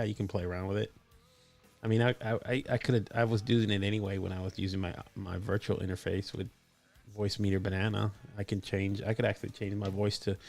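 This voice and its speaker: Chatty guy on a live stream, low gravelly voice, processed mic, faint music behind. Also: darkish tone. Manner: chatty and enthusiastic, lots of fillers. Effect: processed voice with added depth. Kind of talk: casual live stream chat. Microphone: desktop microphone with voice processing.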